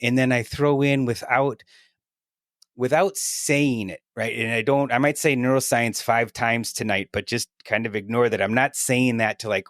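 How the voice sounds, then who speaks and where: A middle-aged man in an easygoing podcast chat, talking at an average pitch with lively energy. He keeps checking in with his listener with a quick "right?". His voice sits close and dry, with no room around it. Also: dry recording. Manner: energetic, chatty, often adds "right?" to his points. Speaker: podcast guest. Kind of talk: casual podcast conversation.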